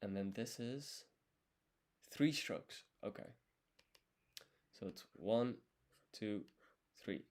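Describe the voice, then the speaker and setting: A young man's voice, on the low side and darkish, with lively intonation, drawn-out words and frequent pauses. He's a language learner on a live stream, counting strokes as he writes and patiently talking through each step in a casual way.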